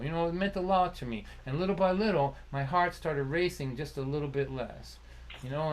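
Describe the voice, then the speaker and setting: A man's voice: mid-range voice, slight background noise, rough recording. A man hosting a livestream concert, telling a heartfelt personal story with laughs and restarts, acting out remembered dialogue. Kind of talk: storytelling monologue. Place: home livestream.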